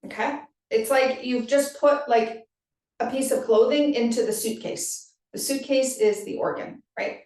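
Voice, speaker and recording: A woman's voice: on the high side, a little slow, a little mellow. A woman yoga teacher hosting a podcast, talking casually and often checking in with "right?". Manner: conversational, frequent "right?" and "like". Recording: very echoey room, distant from mic.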